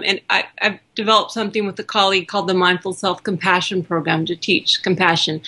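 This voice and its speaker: Soft, husky-voiced woman expert. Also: medium pitch. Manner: calm, gentle, explanatory. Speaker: guest expert on self-compassion. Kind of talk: explanatory interview answers.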